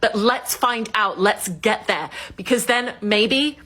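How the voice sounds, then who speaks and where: A woman's voice: medium pitch, slow, a bit bright. A woman giving casual, spiteful commentary.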